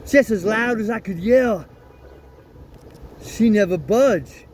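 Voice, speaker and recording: A man voicing Jim, a high, slow Southern storyteller. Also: darkish tone, slight background noise. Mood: sorrowful. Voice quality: heavy rural dialect, drawn-out storytelling. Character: remorseful father recounting a painful tale. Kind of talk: audiobook character reading.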